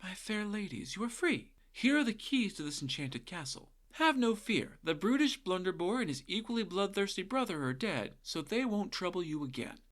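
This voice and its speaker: Jack, a well-mannered young trickster, as a storytelling man voices him, speaks in a lighter, softer voice than the narration. He sounds courtly and sure of himself, with a sly edge. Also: sits high, sing-song, normal speed, hardly any pauses, pitched above the performer's own voice. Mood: gallant. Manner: courtly and gallant, then sly. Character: young boy hero, polite, clever trickster.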